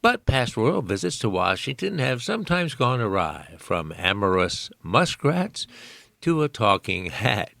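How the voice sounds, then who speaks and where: A man's voice: mid-range voice, very animated, measured pace, creaky, fairly bright tone, dry recording. A man, a volunteer reader in a studio, reading news articles aloud with folksy asides of his own. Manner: folksy, aside-prone, amused.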